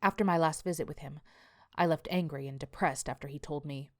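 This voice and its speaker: A man's voice: a little high, steady tone, brisk, lightly acted. A woman reading as a weary working man's journal. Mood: rueful. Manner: confessional, plainspoken first-person account. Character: weary male landscaper writing a journal.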